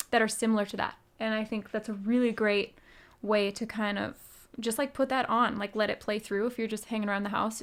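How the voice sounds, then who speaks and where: A woman streaming live, chatting casually with her viewers in a rambling way, with many "um"s and "like"s. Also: on the high side. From United States. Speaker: musician streamer. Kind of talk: casual livestream chat, answering chat.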